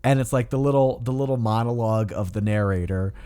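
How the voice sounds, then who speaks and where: A man's voice: mid-range voice, fast talker, dark tone, clean tone, dry recording. Blunt ranting young man, podcast co-host. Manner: blunt, ranting and critical, swears freely. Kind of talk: casual film review chat.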